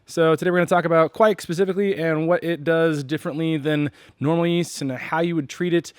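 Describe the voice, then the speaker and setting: American guy rambling about homebrew, lots of uh and um, pretty smooth voice, dry close sound. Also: a little high, steady tone, fairly quick, dry recording. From United States. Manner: self-deprecating, rambling with many fillers. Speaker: homebrewing channel host. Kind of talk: casual explainer talk.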